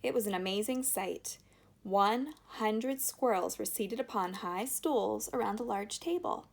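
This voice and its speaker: A woman narrating a children's storybook aloud in an expressive, lively way. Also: mid-range voice, unhurried, creaky. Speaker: audiobook reader.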